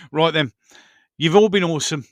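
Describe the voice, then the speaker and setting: A man's voice: mid-range voice, pushed and bright, no echo, studio quality. A man in his fifties with a Brummie accent, hosting a frank, rambling casual chat with his viewers. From Birmingham, England. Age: 50s. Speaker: channel host. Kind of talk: casual live-stream chat.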